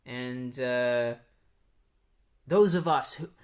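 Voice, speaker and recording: A man's voice: medium pitch, drawn-out words. A man voicing a grand sorcerer hero. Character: solemn male sorcerer hero.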